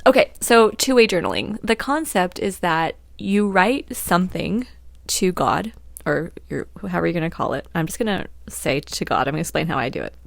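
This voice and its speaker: A woman's voice: fairly low pitch, lively intonation, moderate pace, gravelly, dry recording. A woman hosting a podcast, talking candidly about her life with frequent laughs, fillers and restarts, and a little choked up. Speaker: podcast host. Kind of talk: casual personal talk.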